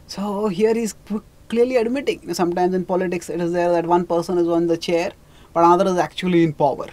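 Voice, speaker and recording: A religious teacher retelling scripture in a lecture, speaking haltingly with restarts on names and quoting the characters. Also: mid-range voice, fairly even intonation, a little mellow.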